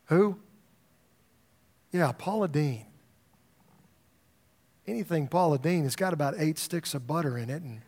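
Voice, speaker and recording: A man's voice: on the high side, darkish tone. Conversational man preaching a sermon. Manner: conversational storytelling, repeats words when starting. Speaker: pastor.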